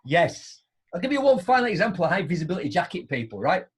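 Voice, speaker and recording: This middle-aged man has a high, breathy voice with big pitch swings, and he races along. A motivational speaker on a video call, he tells chatty anecdotes on a live online show and keeps asking "right?"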